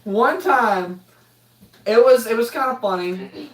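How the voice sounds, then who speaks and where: A man's voice: very high voice, animated, slow pace, slight background noise. A young man telling a rambling, joking story as a vlogger, often breaking into laughter. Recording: roomy, voice distant from mic.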